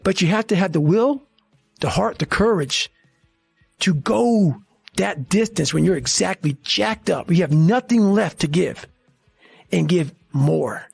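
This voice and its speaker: A man's voice: high-pitched, lively intonation, a little slow, creaky, husky, soft background music. A middle-aged man telling a story as a podcast guest, intense, blunt and full of profanity. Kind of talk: casual storytelling in a podcast interview.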